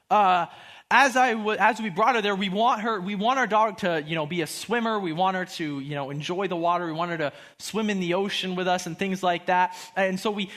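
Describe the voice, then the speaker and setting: Young male preacher, 20s, high and bright voice, animated storyteller. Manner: animated storytelling, acting out quotes. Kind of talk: sermon.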